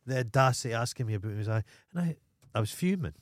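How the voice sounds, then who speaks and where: A man's voice: medium pitch, expressive, fast, no echo, studio quality. A Scottish man co-hosting a casual podcast, telling stories in a blunt, profane way. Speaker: podcast co-host.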